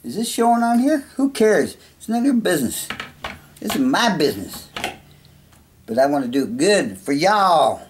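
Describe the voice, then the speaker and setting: A man's voice: on the high side, big pitch swings, normal speed, slight background noise. A man chatting casually in a vlog, rambling and joking as he talks to himself between songs. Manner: rambling, jokey, talking to himself. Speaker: musician vlogger.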